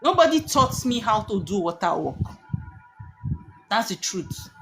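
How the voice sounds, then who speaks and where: A woman's voice: mid-range voice, very animated, a little slow, fairly bright tone, a little hiss or hum. A woman, hosting a live stream and teaching with emphatic rhetorical questions that she answers herself.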